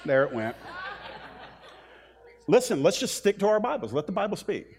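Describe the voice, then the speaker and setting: A man preaching a sermon as pastor, animated, dropping to a hush and then rising to loud, pleading lines. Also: mid-range voice, slow pace, long pauses. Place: church sanctuary.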